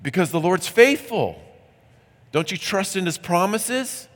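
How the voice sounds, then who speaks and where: A man voicing a confident, faithful Israelite man who fires off rapid questions, heard with long hall reverb. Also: high-pitched, animated, voice pushed up. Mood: insistent. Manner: rapid, pressing rhetorical questions. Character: confident faithful male Israelite, eager and insistent.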